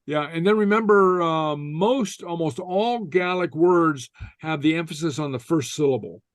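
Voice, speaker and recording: A man's voice: a little high, moderate pace, no room sound, clean studio sound. A man teaching an online language class, patiently modelling words for students to repeat, with many fillers. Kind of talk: online class, drilling vocabulary. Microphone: computer mic on a video call.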